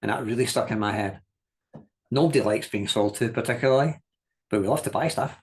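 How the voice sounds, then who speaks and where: A man leads a business masterclass in a mid-pitched voice, neither high nor low. He tells anecdotes with energy, slips into other people's voices for quotes, laughs along the way, and hammers his key points home plainly. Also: a little fast. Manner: lively storytelling, acts out quoted voices, laughs often; direct, repeats key points for emphasis. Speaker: business coach. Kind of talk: masterclass teaching talk.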